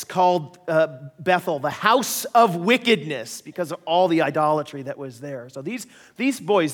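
A man preaching a sermon, telling stories in a lively, joking way and acting out voices. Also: on the high side. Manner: animated, jokey, acts out voices in stories. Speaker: pastor. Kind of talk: sermon with storytelling. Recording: long hall reverb.

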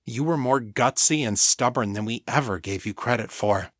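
A brave young man comforts someone in a soft, tender voice, read by a male narrator. The pitch is mid-range and the sound is dry and close. It is audiobook drama. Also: normal speed, no room sound, lightly acted.

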